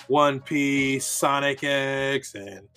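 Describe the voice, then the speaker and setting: Bright-voiced man, teasing and casual. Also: medium pitch, extremely slow, clean tone, soft background music. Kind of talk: casual chat.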